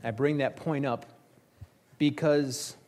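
A man's voice: mid-range voice, steady tone, takes it slowly, darkish tone. A male pastor preaching a sermon in a conversational, joking storytelling manner.

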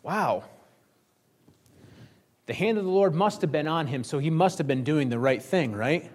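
A man's voice: on the high side, animated, moderate pace. A man preaching a sermon, retelling a scripture story with wry sarcasm and acting out the characters' lines.

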